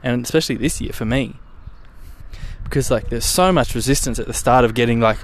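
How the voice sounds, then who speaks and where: A man's voice: medium pitch, fairly quick, slight background noise. A young man hosting his own podcast, chatting casually in a rambling way and swearing now and then. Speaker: podcast host. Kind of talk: casual solo podcast chat.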